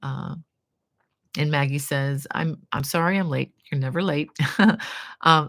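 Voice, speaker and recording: Low, gravelly-voiced older woman chatting live. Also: unhurried, a bit bright, no room sound, studio quality. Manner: chatty, reads viewer comments aloud and answers them; earnest, devout, fond of blessings and prayers. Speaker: crochet channel host. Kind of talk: casual live-stream chat.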